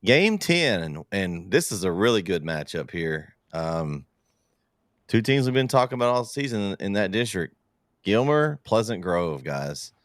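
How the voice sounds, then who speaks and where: A man with a very deep voice hosts a sports talk show, recorded close and dry. He talks haltingly, often pausing to search for the right word. He moves the panel through each game. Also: smooth, no room sound. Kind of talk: casual sports chat.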